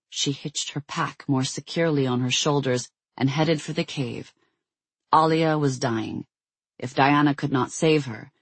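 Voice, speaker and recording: Husky-voiced audiobook narrator. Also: medium pitch, no room sound. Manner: measured, steady storytelling.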